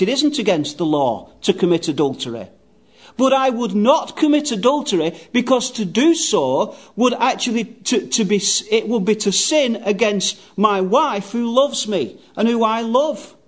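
A male preacher with a high voice delivers a sermon. He speaks earnestly and emphatically, with a very lively rise and fall in pitch. He quotes scripture at length and repeats his key phrases for effect.

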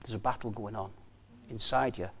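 A man preaching a sermon earnestly, repeating key phrases for emphasis and often dropping to a soft, quiet delivery. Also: fairly low pitch, steady tone, moderate pace.

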